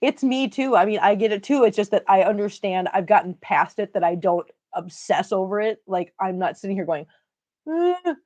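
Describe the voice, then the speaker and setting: A woman's voice: mid-range voice, brisk, hardly any pauses, darkish tone. A middle-aged woman hosting a casual livestream, joking and chatting as she reads viewer comments aloud. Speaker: livestream host reading chat.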